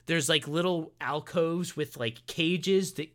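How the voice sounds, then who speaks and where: A man co-hosting a film review podcast, retelling the plot in a rambling, animated way with many restarts and fillers. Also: fairly high pitch, slow. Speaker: podcast co-host. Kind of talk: casual film review chat.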